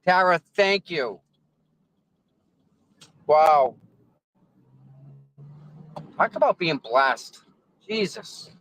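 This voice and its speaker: Streaming live from his car in traffic, a man chats casually, rambles, repeats words and thanks his viewers effusively. His slightly high, fairly bright voice is sing-song, with drawn-out words and frequent pauses, and the audio is poor.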